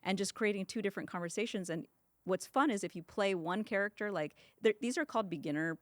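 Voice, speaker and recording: A woman guest in a podcast interview, talking quickly and casually, laughing often and acting out sample ad lines. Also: mid-range voice, no echo, studio quality. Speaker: guest, ad creator.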